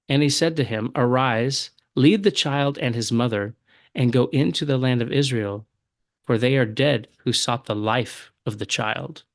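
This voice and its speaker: A man's voice: mid-range voice, unhurried, no room sound, clean studio sound. A man teaching a recorded Bible study lesson, reading verses aloud and explaining words patiently with some fillers. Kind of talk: recorded lecture.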